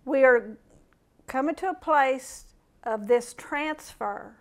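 High-voiced woman preaching casually. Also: takes it slowly. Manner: conversational, animated, playful asides and mimicked voices. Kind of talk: informal sermon.

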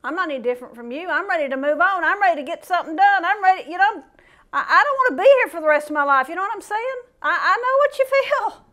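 A woman preaching an informal sermon, talking to her congregation in a relaxed, conversational way with playful asides. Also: very high-pitched, quick pace. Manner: conversational, animated, playful asides and mimicked voices.

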